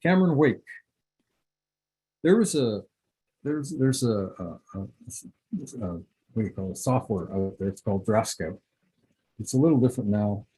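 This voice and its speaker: A man's voice: lowish voice, lively intonation, moderate pace, long pauses, warm tone, slightly rough, low-quality recording. A middle-aged man, a football scout, giving a casual, rambling clinic talk full of anecdotes.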